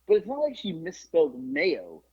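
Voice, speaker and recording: A man's voice: moderate pace, slightly rough. A man co-hosting a podcast, telling a casual story with swearing and acted-out quotes. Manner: animated, swears, quotes people in lowered voices. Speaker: podcast co-host. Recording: muffled lo-fi podcast audio.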